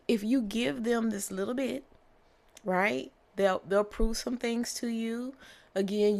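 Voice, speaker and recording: A woman's voice: medium pitch, creaky. A woman giving a casual tarot reading, chatty and repetitive, often checking in with "okay?". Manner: repetitive, conversational, many fillers and "okay?". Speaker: tarot reader.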